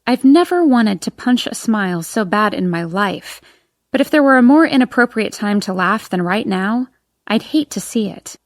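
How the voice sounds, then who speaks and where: A woman narrates a first-person audiobook with an expressive, emotional delivery. Her voice sits at a middle pitch. The recording sounds dry and close, with no room around it. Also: normal speed, no echo.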